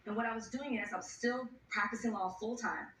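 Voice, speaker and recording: A woman in her thirties, a guest on a talk show, who tells animated stories and acts out the quotes. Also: on the high side, brisk, echoey room, recorded from a distance, a little hiss or hum. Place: TV studio.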